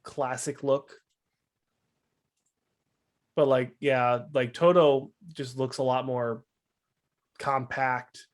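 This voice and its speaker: A man's voice: mid-range voice, fairly even intonation, very slow, pauses often. A man from Wisconsin hosting a casual podcast, talking in an easygoing, rambling way. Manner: easygoing, rambling with fillers and laughs. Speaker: podcast host. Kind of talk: casual chat.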